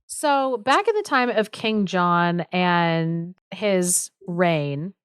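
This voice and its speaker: A woman's voice: on the low side, expressive, very slow, clean tone, dry recording, clean studio sound. A young adult woman co-hosting a podcast, retelling a folk tale in a chatty way, with lots of fillers. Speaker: podcast co-host. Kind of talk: casual storytelling chat.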